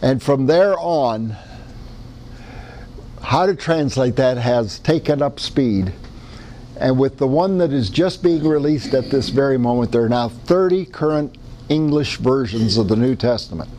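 A man's voice: medium pitch, expressive, measured pace, dark tone, slight background noise. A man with a Midwestern American accent preaching a sermon in a conversational, folksy way, often restarting his sentences. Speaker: pastor.

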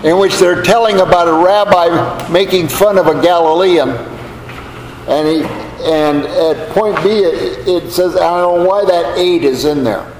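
A man's voice: high-pitched, measured pace. An older man from the United States giving a Bible class lecture, telling stories in a folksy way with asides. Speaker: Bible teacher. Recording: echoey hall, faint background hum.

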